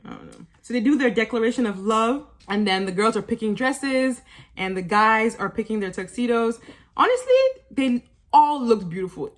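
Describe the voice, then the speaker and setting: A young woman recapping a reality show for her channel, chatty and sassy, laughing often and talking straight to her viewers. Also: mid-range voice. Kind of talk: casual show-recap vlog.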